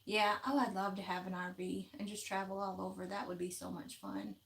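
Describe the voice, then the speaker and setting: A woman's voice: mid-range voice, expressive, a little fast, a bit bright. Chatty woman on a live stream. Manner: chatty and folksy, laughs often. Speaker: craft vlogger hosting a live chat. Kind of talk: casual live-stream chat, reading viewer comments.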